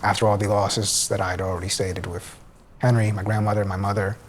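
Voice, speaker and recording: A man's voice: lowish voice, little pitch movement, brisk, a little hiss or hum. A young man giving a personal testimony in church, telling his story conversationally with many restarts. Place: church sanctuary.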